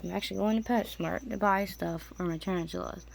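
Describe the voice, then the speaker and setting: A woman's voice: mid-range voice, fairly even intonation, fairly quick, vocal fry. A woman chatting casually to camera about keeping tarantulas, rambling and restarting as she goes, and cooing to her spiders now and then. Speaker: tarantula keeper vlogger. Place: home room with spider enclosures. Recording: faint insect noise behind.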